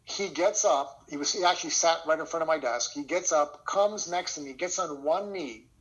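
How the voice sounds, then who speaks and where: Male sales coach on a video call, slightly high voice, energetic storytelling delivery. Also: normal speed, few pauses, poor audio. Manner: energetic storytelling, frequent "okay?" check-ins. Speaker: sales trainer. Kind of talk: online training lesson.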